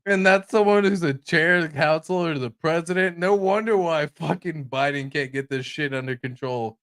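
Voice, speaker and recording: A man's voice: fairly high pitch, moderate pace, fairly bright tone. A man hosting a crypto livestream, swearing and laughing hard while reacting to clips and reading viewer confessions. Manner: laughing, profane, reads confessions aloud. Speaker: crypto streamer host. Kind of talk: casual livestream commentary.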